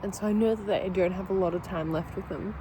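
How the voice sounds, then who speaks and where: A woman's voice: medium pitch, fairly even intonation, quick pace, warm tone, slight background noise, low-quality recording. A woman chatting casually in a vlog at home over breakfast, candid and swearing freely, overwhelmed with emotion and laughing through near-tears. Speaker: vlogger. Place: at home during breakfast, with her dogs.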